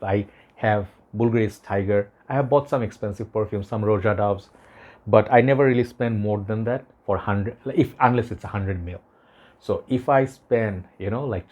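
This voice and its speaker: A man's voice: fairly low pitch, darkish tone. A young man with a Bangladeshi English accent and a Bengali mother tongue, reviewing a perfume in a casual, rambling, earnest way, often tagging sentences with "okay?". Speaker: fragrance reviewer.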